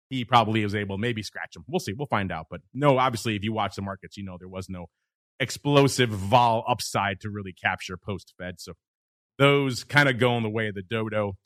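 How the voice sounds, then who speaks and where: A man's voice: lowish voice, a bit bright, dry recording, studio quality. Upbeat jokey man hosting a markets show. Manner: jokey, upbeat, addresses listeners. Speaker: podcast host. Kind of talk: casual market talk show.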